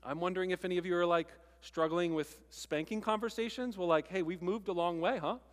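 This is a man giving a sermon in a relaxed, conversational style, pressing hard on key words. His voice sits high. The sound carries a long reverb, as in a large church hall. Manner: conversational preaching, emphatic with pauses. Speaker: pastor.

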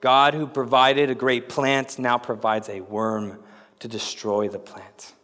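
A man preaching a sermon as pastor, with dramatic delivery that rises to emphatic peaks and drops low. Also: little pitch movement, takes it slowly, fairly bright tone, in a large hall.

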